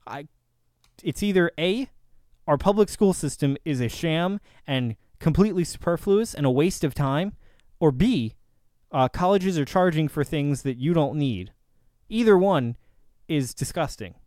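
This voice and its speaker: A man ranting in a sarcastic, combative reaction commentary, swinging from loud outbursts to low mutters. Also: expressive, measured pace, dry recording, studio quality. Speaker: reaction video host.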